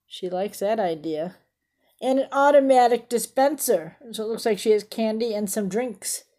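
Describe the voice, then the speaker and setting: A woman's voice: on the high side, darkish tone. A woman reading a picture book aloud to children, stopping often to ask about the pictures and explain fancy words. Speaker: storybook reader.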